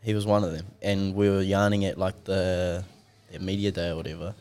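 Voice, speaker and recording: A young man chats on a podcast, relaxed and rambling, full of casual slang. His voice sits on the lower side and stays easygoing as he tells a story. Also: fairly quick, slight background noise. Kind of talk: casual chat.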